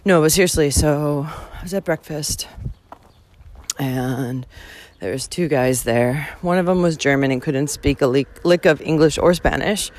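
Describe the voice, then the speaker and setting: A young woman, a podcast host hiking the Camino, records a walk-and-talk vlog outdoors on a trail. Her voice is low and a little mellow, and she rants with profanity at a measured pace.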